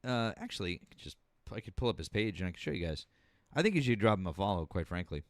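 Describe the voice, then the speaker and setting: A man hosting a politics live stream in casual chat, halting with many fillers and restarts and swearing freely. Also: on the low side, big pitch swings, no room sound.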